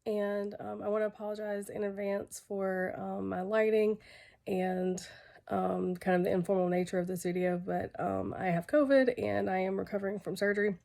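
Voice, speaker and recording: A young woman with a hoarse, gravelly voice that is fading as she recovers from illness. Her tone is dark and subdued, and she stops often with fillers. She presents her research informally to a webcam at home. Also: medium pitch, steady tone. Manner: halting, many fillers. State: losing her voice, unwell. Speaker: graduate student presenting research.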